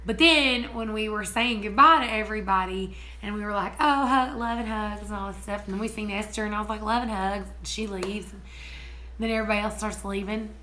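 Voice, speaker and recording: A woman chatting casually on her vlog, giggly and excitable. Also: mid-range voice, fast, slight background noise. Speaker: homesteading vlogger. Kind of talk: casual chat.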